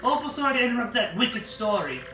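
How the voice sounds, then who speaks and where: A player doing a gruff grumbling sailor. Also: mid-range voice, big pitch swings, quick pace, roomy sound, recorded from a distance, music in the background, voice pushed up, close to an everyday voice. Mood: cheeky. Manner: salty sailor talk, grumbling. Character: rough male sailor deckhand, gruff and put-upon. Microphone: phone.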